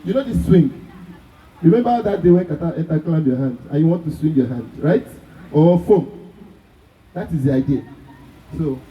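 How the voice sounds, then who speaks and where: A man's voice: on the high side, animated, normal speed, pauses often, highs cut off. A man with a Nigerian accent teaching drum technique to a class, constantly asking if they are following. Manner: asks the class constant check questions. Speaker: drum instructor. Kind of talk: live drum workshop teaching. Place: large echoey room at a festival workshop. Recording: echoey room, from far off.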